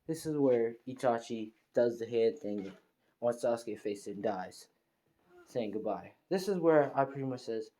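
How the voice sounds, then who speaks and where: A man's voice: mid-range voice, normal speed, dark tone. A man casually narrating an improvised fan story, rambling with heavy fillers and restarts.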